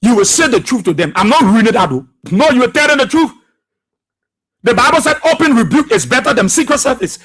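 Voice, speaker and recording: A man's voice: extremely high pitch, big pitch swings, brisk, a bit bright, husky. A man giving emphatic, repetitive political commentary as a radio talk show host.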